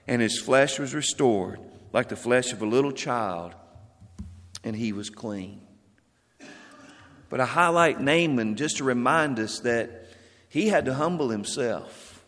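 A man preaching a sermon, reading scripture aloud and explaining it with rising emphasis that falls away low. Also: a bit bright, long reverb tail.

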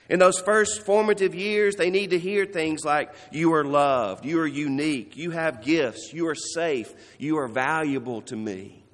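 A male pastor giving an earnest sermon, slowing down and softening to stress key phrases. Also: a little high, in a large hall. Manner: earnest, warm preaching with soft, slowed emphasis on key phrases.

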